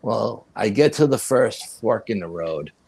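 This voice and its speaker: A man as a podcast guest, telling a personal story in a casual, animated way. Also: fairly low pitch, measured pace, gravelly, husky. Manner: animated, profanity, laughs while telling.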